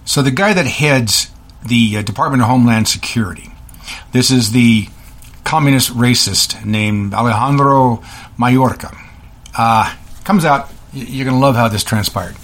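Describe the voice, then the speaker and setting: A man hosting a political commentary show, ranting scornfully in quick bursts with frequent restarts. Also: medium pitch, fairly bright tone. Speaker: host.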